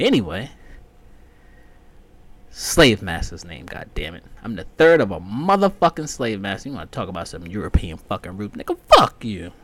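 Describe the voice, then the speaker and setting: A man hosting a solo podcast, talking in a rambling, profane way that swings from muttering to loud, high-pitched ranting. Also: sing-song, normal speed, dry recording. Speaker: podcast host.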